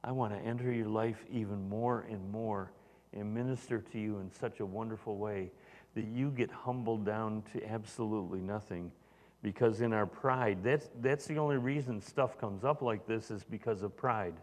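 A man's voice: lowish voice, normal speed, a little mellow. A man preaching a sermon as pastor, talking in a conversational way with frequent fillers and restarts. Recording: long reverb of a large hall.

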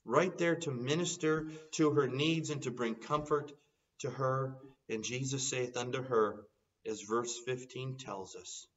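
A man's voice: medium pitch, unhurried, a bit bright. A man preaching a sermon, quoting scripture in an earnest voice and rising into urgent appeals. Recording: dull sound from some distance off.

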